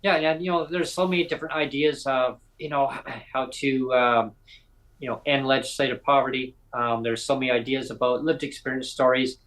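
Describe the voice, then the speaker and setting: A man's voice: medium pitch, steady tone, moderate pace, fairly bright tone, rough recording. A man from Canada co-hosting a live podcast, telling stories in a rambling way with many restarts. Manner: rambling storyteller, many restarts and acted quotes. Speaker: podcast co-host. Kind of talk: casual chat. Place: livestream from home.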